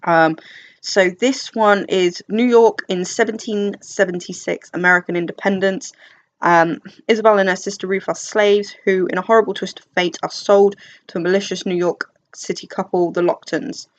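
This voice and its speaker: A woman's voice: medium pitch, fairly even intonation, normal speed, lo-fi sound. A young woman from England chatting casually about books, rambling and self-deprecating with many fillers and restarts. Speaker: book vlogger. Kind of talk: casual chat. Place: dim room at home.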